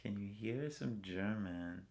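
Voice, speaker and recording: A man's voice: fairly low pitch, expressive, slow, darkish tone. An American man talking casually in an interview, rambling and filling his speech with "like" all the time. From United States. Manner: rambling, fills with "like" constantly. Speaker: interviewee, traveler.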